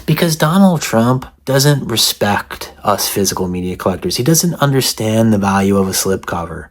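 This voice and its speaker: A man's voice: fairly low pitch, very animated, moderate pace, hardly any pauses. A man giving a mock-serious, sarcastic comedic rant to the camera as a vlogger. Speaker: satirical vlogger.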